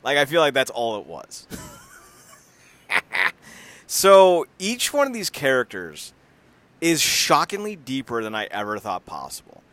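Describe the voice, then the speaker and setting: A man's voice: mid-range voice, measured pace, pauses often, no room sound. A man co-hosting a casual podcast, rambling and laughing as he talks. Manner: animated, rambling, laughs often, acts out voices. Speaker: podcast co-host.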